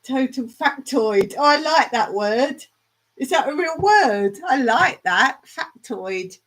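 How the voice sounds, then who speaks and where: A woman's voice: high voice, lively intonation, takes it slowly, fairly bright tone, poor audio. A woman chatting casually with viewers on a live stream, rambling from one thing to the next and laughing often. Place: rural smallholding.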